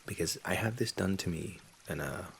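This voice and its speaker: A man in his thirties, born in England and raised in Scotland, hosting a soft-spoken ASMR Q&A from a home setup on a condenser mic. He talks in a soft, low-key way and often drops into whispers. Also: moderate pace, creaky, a little hiss or hum. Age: 30s. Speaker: ASMR channel host. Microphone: USB condenser mic.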